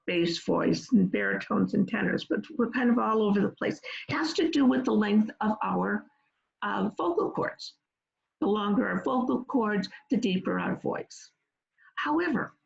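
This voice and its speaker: A woman's voice: fairly high pitch, gravelly, lo-fi sound. A woman presenting an online workshop, explaining things earnestly and step by step. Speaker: webinar presenter on peer support.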